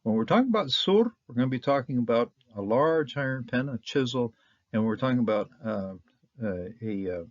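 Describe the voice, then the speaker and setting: A man giving a casual Bible lesson, halting with many fillers and restarts, sounding out Hebrew words slowly. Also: mid-range voice, lively intonation, dry recording. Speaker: Bible teacher. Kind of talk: casual lecture. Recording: dull, dry, lo-fi sound.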